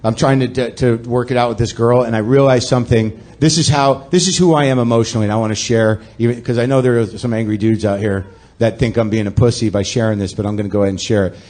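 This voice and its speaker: A man's voice: mid-range voice, steady tone, quick pace, a little mellow. A man hosting a podcast, delivering a sardonic, self-deprecating comic monologue in a ranting manner to a live audience. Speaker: podcast host.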